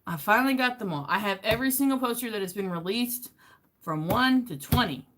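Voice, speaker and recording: A woman's voice: on the high side, fairly quick, noisy background. A woman chatting casually on a livestream from her messy bedroom, rambling and getting hyper, talking into her phone. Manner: rambling, gets hyper and excitable. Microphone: phone camera.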